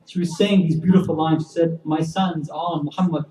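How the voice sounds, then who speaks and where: Male preacher, emotional storytelling sermon, high voice, recorded from afar in a roomy hall. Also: steady tone, fairly quick, few pauses. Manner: builds from hushed to impassioned, addresses audience directly. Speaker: speaker at a religious gathering. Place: community center hall. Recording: echoey hall, voice from a distance.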